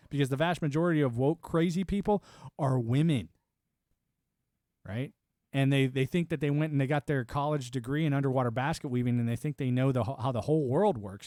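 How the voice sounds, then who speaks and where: A middle-aged man talks into a desk mic at home, and his voice sits at an ordinary middle pitch. He rants bluntly and profanely, rambling from aside to aside. The sound is dry and close, with no room echo. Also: a little mellow. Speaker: streamer. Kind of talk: political rant on a livestream.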